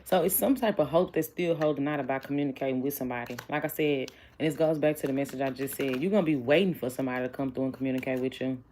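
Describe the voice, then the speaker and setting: A woman's voice: a bass voice, fast, few pauses, background noise. A chatty woman doing a casual tarot reading, blunt and joking with her viewers. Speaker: tarot reader.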